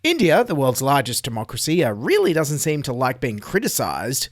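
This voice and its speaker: A man's voice: medium pitch, huge pitch swings, normal speed, dry recording, clean studio sound. An Australian man hosting a comedic news podcast, delivering sarcastic, mocking commentary. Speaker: podcast host.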